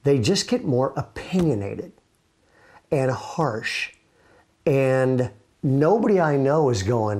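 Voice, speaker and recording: A middle-aged male pastor speaks earnestly from his chair at home in a medium-pitched voice. His talk is loose and conversational, with frequent restarts as he works through his thoughts. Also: very animated, slow, pauses often, darkish tone. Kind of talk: casual devotional talk to camera. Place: at home, seated with knee propped up.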